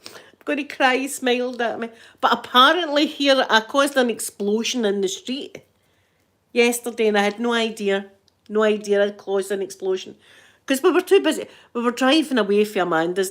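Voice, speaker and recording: A middle-aged Scottish woman and grandmother chatting in a casual ASMR vlog, animated and laughing often. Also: a little high. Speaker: vlogger and grandmother.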